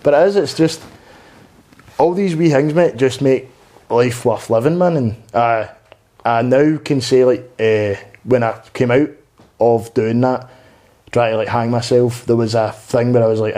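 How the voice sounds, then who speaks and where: A man's voice: mid-range voice, a little slow, warm tone. A man in his twenties, a stand-up comedian guesting on a podcast, talking candidly and earnestly in a rambling, unpolished way with frequent swearing. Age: 20s. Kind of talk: candid conversational interview.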